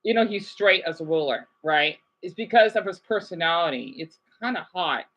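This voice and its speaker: A woman's voice: fairly low pitch, animated, normal speed, fairly bright tone, muffled recording. A woman vlogger giving rambling, chatty livestream commentary with frequent restarts and check-ins with the audience.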